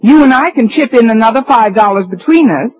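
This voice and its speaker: A woman's voice: on the high side, lively intonation, brisk, lightly acted. An actress playing a dry, sarcastic woman schoolteacher in a 1950s radio sitcom, also narrating. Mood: wry. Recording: dull lo-fi old radio recording.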